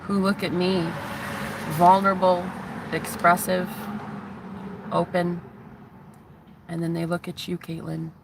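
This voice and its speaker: A woman's voice: on the low side, little pitch movement, slow pace, gravelly, pauses often, background noise. A woman in her thirties, a spiritual vlogger, giving a heated, profane, taunting rant to the camera. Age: 30s.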